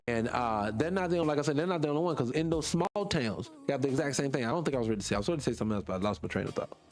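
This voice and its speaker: A man's voice: medium pitch, animated, rapid-fire. A man from North Carolina, hosting a casual livestream and answering viewer comments in a rambling, heated, emphatic way. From North Carolina, USA. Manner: rambling, heated and emphatic, loses his train of thought. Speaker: livestream host.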